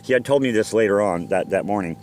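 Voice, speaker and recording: A man's voice: lowish voice, quick pace, a little mellow, slight background noise. A middle-aged man from Southern California telling a personal story in a casual, profane, rambling way, full of restarts and quoted dialogue.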